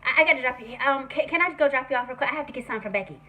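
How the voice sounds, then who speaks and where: A woman's voice: high-pitched, phone-quality sound, close to an everyday voice. A woman voicing a frantic, stammering young man in a retold story. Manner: stammering, hurried.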